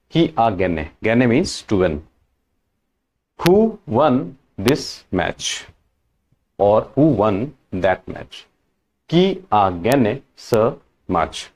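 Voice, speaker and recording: A man teaching French question words in a slow, patient lesson, repeating each word and example. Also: mid-range voice, a little mellow. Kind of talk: language lesson.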